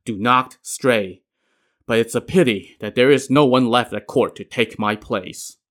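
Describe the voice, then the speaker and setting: A man's voice: medium pitch, a little slow, a bit bright, lightly acted. A man voicing a loyal, righteous elderly minister who speaks in stern, declaiming lines. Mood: grave.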